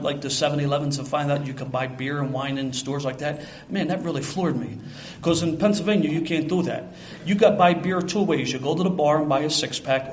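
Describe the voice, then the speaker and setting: An older man with a Philadelphia accent tells a streetwise, self-mocking story to a live audience at a quick clip. His voice sits a little high for a man, and faint noise runs behind him.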